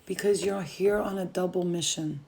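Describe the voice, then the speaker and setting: A woman's voice: on the low side, steady tone, normal speed, creaky, darkish tone. A woman giving a casual channeled message to the viewer, emphatic and reassuring, swearing freely and repeating phrases for weight. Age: adult with a child. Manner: speaks straight to the viewer, reassuring. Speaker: spiritual reader channeling messages.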